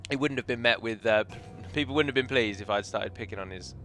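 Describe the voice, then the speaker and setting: Chatty bright-voiced male gameplay commentator. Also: medium pitch, fast, soft background music. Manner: chatty, rambling, opinionated asides. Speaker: game modder and let's player.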